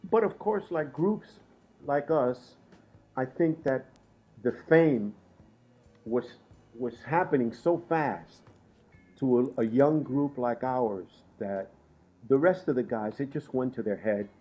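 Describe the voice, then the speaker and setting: A man from Puerto Rico, a guest musician, telling animated stories with frequent laughs. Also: mid-range voice, takes it slowly, breathy edge, lo-fi sound, soft background music. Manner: lively, laughs often while telling stories. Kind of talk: animated storytelling in conversation.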